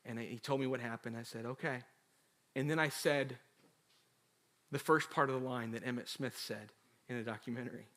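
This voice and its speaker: A man preaching a sermon as a pastor, telling a story in a chatty way, acting out quotes and talking straight to the congregation. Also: mid-range voice. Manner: animated storytelling with acted quotes; chatty, addresses the congregation directly.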